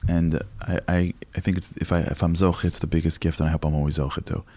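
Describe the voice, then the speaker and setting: A man in his forties, a lecturer speaking as a guest in an interview, telling stories in an animated way with frequent restarts. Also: low-pitched. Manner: animated, fast, with many restarts. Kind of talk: conversational storytelling interview.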